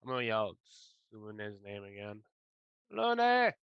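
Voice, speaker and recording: A man playing a tabletop game, playful and quick to laugh. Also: mid-range voice, lo-fi sound. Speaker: player.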